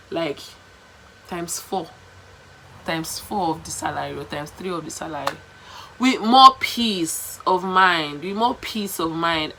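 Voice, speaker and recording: A young Nigerian woman vlogging, telling a story to camera in a chatty, animated way, repeating herself and slipping into pidgin. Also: fairly low pitch, slight background noise, poor audio.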